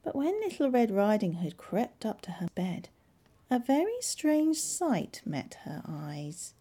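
A woman librarian narrating a children's storybook in an expressive, measured way. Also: mid-range voice.

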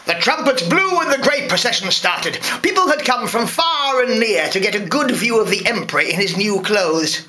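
A man, a parent, reading a fairy tale aloud to a school class in a lively, expressive way. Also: high-pitched, normal speed, few pauses. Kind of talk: storybook read-aloud.

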